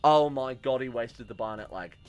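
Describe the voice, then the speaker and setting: A man giving excitable let's-play commentary, swearing and bossing his colonists around, with faint music behind him. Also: medium pitch, moderate pace, clean tone, dry recording, highs cut off. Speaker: game streamer.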